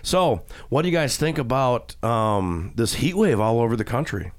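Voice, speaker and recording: A man's voice: mid-range voice, animated, normal speed. A middle-aged man hosting a radio show, chatting casually and joking in a rambling, self-mocking way. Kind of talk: casual studio banter. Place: radio studio.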